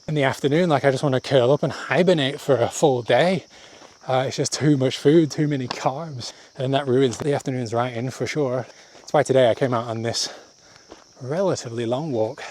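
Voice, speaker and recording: This man's mid-range voice carries slight background noise as he vlogs his travels on village paths, speaking to the camera mid-walk. He rambles, pokes fun at himself, laughs a lot, and is slightly winded throughout the casual monologue.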